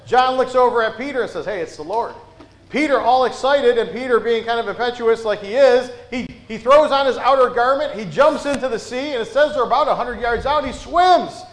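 High-voiced preacher in an echoey church. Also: male voice. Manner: folksy, frequent "uh" and "right?" asides. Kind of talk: conversational sermon. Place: church sanctuary. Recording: roomy church echo.

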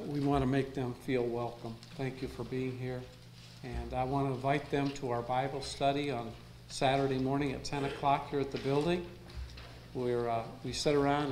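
A man's voice: mid-range voice, darkish tone. A male preacher gives a sermon to his congregation in a folksy, easygoing way. He drops jokes between his points. His voice rings with a roomy church echo over a faint background hum. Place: church sanctuary. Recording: echoey room, faint ambience.

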